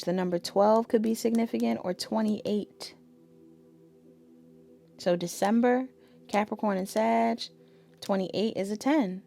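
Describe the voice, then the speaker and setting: Woman tarot reader, casual and chatty, vocal fry, mid-range voice. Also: mid-range voice, a little mellow. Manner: chatty, talks straight to viewers as y'all. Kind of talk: casual tarot reading to camera.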